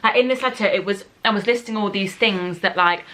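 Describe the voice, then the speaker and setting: A woman's voice: mid-range voice, fairly quick, pushed and bright. A young woman vlogging in casual chat, talking emotionally and filling her speech with "like" and "oh my God". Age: young adult. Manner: chatty, emotional, full of "like" and "oh my God".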